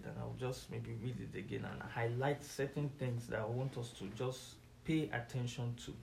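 A preacher teaches from the Bible in a conversational sermon style, building to emphatic, rising stresses on key words and asking listeners questions, then waiting for replies. His mid-range voice has vocal fry and a darkish tone. The recording is reverberant with a little hiss or hum.

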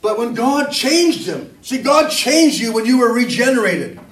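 A man's voice: extremely high pitch, sing-song, unhurried, a bit bright. A middle-aged man preaching a sermon in a church hall, talking in a loose conversational way and poking fun at himself, with plenty of amens and hallelujahs. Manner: conversational, self-mocking, frequent amens and hallelujahs. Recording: roomy echo, distant mic.

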